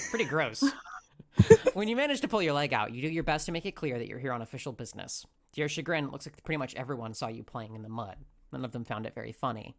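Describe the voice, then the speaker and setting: A man's voice: medium pitch, a bit bright. A man hosting a let's play, reading game narration aloud and breaking off to joke. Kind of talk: narrating a visual novel aloud.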